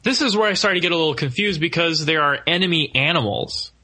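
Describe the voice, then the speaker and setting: A man co-hosting a podcast, chatting casually about an animated film and jokey in his delivery. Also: fast. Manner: animated and jokey, with sudden high leaps. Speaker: podcast co-host.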